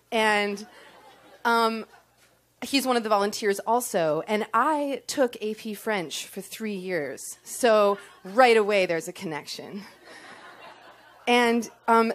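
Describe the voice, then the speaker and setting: A woman's voice: fairly high pitch, a bit bright. A young woman telling a comic personal story on stage to an audience, self-deprecating and full of ums.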